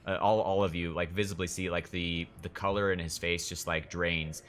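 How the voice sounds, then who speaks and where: A man's voice: sits low, little pitch movement, moderate pace, fairly bright tone, a little hiss or hum. A young man narrating a tabletop game as game master over an online call, rambling with lots of fillers.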